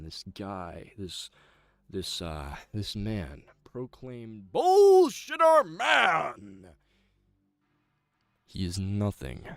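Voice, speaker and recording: A scornful villain monologue, dropped low and dragged out slowly with long dramatic pauses, as a man puts it on. The voice is gravelly, with a lively swing between phrases, and sits close on a dry mic. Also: no echo, full character voice. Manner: slow, low, theatrical monologue with heavy pauses. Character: bitter male villain denouncing a false hero.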